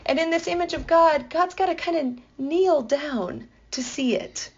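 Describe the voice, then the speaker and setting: A woman's voice: sits high, a little slow, darkish tone, lo-fi sound. Enthusiastic woman teaching scripture. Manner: playful and enthusiastic, with vivid asides. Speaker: Bible teacher.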